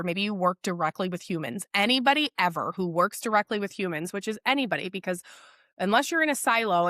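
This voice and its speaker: Solo on her podcast, a woman talks bluntly and candidly, swearing freely and telling stories in which she quotes others using acted voices. Her voice is mid-range and fairly bright, on a dry recording with clean studio sound.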